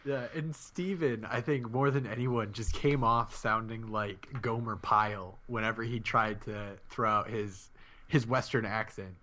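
A man's voice: fairly low pitch, fairly even intonation, a little slow, bright, forceful tone. A man co-hosting a podcast in casual chat, tossing in joking asides. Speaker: podcast co-host.

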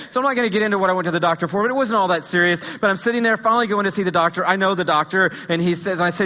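A bright, slightly high male pastor preaches with animated storytelling and joking asides, at times sinking to a hushed intensity. His words ring out with the long reverb of a large church hall. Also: quick pace. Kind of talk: sermon. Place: church sanctuary.

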